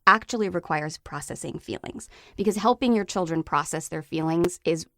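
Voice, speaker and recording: A woman in her thirties, a parenting expert explaining her advice on a podcast in a reassuring way, sometimes acting out gentle lines to a child. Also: lowish voice, normal speed, gravelly, background noise.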